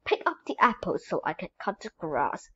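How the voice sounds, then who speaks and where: A woman's voice: lowish voice, big pitch swings, moderate pace, fairly bright tone, slightly rough, no echo, muffled recording, full character voice. A woman voicing a firm, practical mum. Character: practical mother giving orders. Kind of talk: children's storybook reading.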